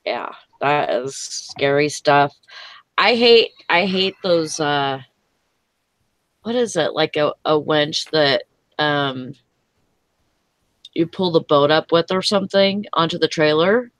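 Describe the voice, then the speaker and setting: A woman who talks very slowly, her pitch rising and falling in a lively way. She reacts with exclamations in casual group chat, and her sound is dry and close. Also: no echo.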